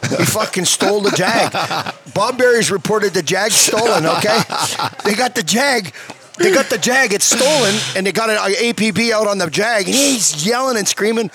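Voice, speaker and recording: Middle-aged man, high voice, animated swearing storyteller, guest chat in a bar. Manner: animated, profane, keeps checking in with "okay?". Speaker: guest, former hockey player. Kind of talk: casual storytelling.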